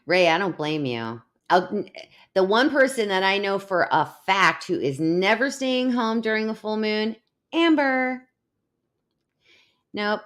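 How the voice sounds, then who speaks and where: Slow, chatty woman hosting a live stream. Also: medium pitch, expressive, fairly bright tone. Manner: chatty, laughing, rambling storyteller. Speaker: host of a live online show. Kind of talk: casual live-stream chat.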